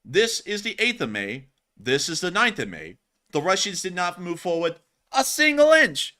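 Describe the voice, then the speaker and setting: A man hosting a live-stream war commentary, excited and joking, often laughing. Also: high voice, normal speed. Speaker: host.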